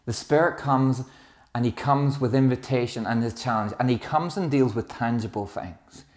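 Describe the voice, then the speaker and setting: A man's voice: medium pitch, normal speed, a little mellow. A middle-aged man, a pastor, preaching a sermon in a reflective, conversational way, telling stories with small restarts.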